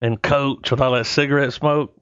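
A man's voice: mid-range voice, steady tone, normal speed, a bit bright, clear, resonant tone, dry recording, dull audio. A man in a casual movie chat, cursing freely and replaying scenes by acting out the characters' lines.

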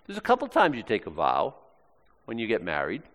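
Animated preacher. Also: male voice, lowish voice, a little fast. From Maine, US. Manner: animated, acts out quoted lines in shifting voices. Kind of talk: sermon. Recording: long hall reverb.

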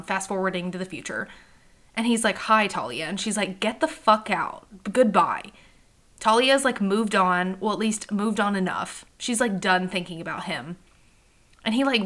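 A woman's voice: mid-range voice, a bit bright. A young woman hosting a book podcast, chatting casually and animatedly, acting out characters' lines and swearing now and then. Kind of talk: casual chat.

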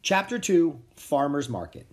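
Lively, expressive children's book reader. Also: mid-range voice, a little slow. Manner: expressive, animated. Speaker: audiobook narrator. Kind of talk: storybook read-aloud narration.

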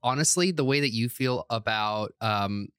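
A woman's voice: extremely low pitch, normal speed, smooth. A talkative woman co-hosting a casual podcast. She grew up in the United States, laughs easily and slips into voices to act out what people said. The sound is dry, close and without room echo. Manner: chatty, laughs often, acts out quotes. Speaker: podcast co-host. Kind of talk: casual chat. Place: apartment.

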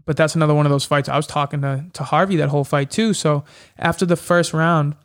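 A man's voice: on the high side, fast. A young man, a mixed martial arts fighter, telling fight stories in a casual interview and acting out the exchanges. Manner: animated, acts out quoted exchanges. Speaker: MMA fighter guest.

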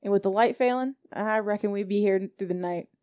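A woman voicing a weary, rough-spoken male coach driver with folksy rural phrasing. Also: medium pitch, a little fast, darkish tone, no room sound, muffled recording, lightly acted. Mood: grumbling.

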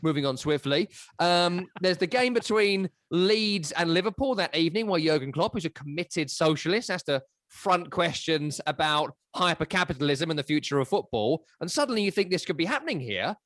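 A man's voice: on the high side, lively intonation, moderate pace, hardly any pauses, fairly bright tone, dry recording, studio quality. A man co-hosting a casual football podcast, opinionated and given to sweeping rhetorical riffs. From England. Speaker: podcast co-host.

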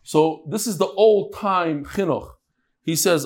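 Lively Talmud teacher, man. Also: a little high. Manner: lively, storytelling, quick asides. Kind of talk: daily Talmud class. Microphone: on Zoom.

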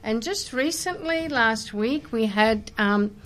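A woman, a volunteer wish coordinator, speaking as a radio interview guest, hesitant and soft-spoken with many pauses and fillers. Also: on the high side, expressive.

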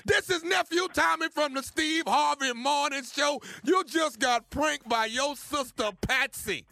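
A man's voice: very high-pitched, measured pace, vocal fry, sharp tone, no echo. A man who is a regular on a radio morning show, bantering in a boastful, joking way.

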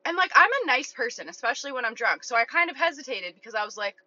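A woman's voice: fairly high pitch, big pitch swings, rapid-fire, hardly any pauses, bright, forceful tone. A young woman telling a story in a casual, blunt, profane way, full of fillers. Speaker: online content creator. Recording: dull lo-fi recording.

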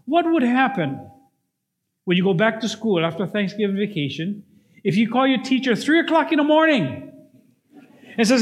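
An older male pastor with a high voice delivers an animated sermon. He speaks directly to the congregation and acts out the characters in his stories. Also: normal speed, pauses often.

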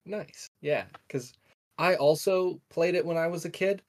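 A man's voice: on the high side, a little slow, a little mellow. A young man co-hosting a podcast in casual chat, enthusiastic and often correcting himself mid-sentence. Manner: rambling, self-correcting, enthusiastic. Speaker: podcast co-host.

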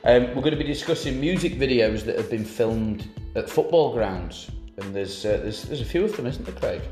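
A man's voice: mid-range voice, expressive, moderate pace, a little mellow, echoey room, faint music behind. A man hosting a casual football podcast, teasing his co-host with jokey banter.

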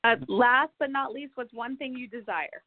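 A woman hosting a podcast, asking guests questions in a casual, effusive and animated way. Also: on the high side, moderate pace. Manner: animated, effusive, lively storytelling. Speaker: podcast host. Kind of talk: casual interview. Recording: tinny phone-like line with faint noise.

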